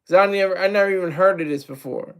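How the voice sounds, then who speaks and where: A man's voice: high-pitched, fast talker, fairly bright tone, smooth. A man giving casual, rambling solo commentary on hip hop, self-deprecating and full of restarts.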